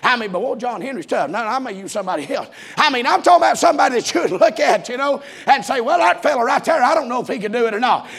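A man preaches, his voice pitched very high and rough with gravel. He shouts through his lines in a rolling, rhythmic cadence. Between the big shouts he drops in folksy asides. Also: expressive, quick pace, hardly any pauses. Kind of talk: sermon.

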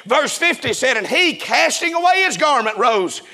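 Preacher guy shouting his sermon, real high voice, lively swoops. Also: moderate pace. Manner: shouting, drawling preaching cadence. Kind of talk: fiery revival sermon.

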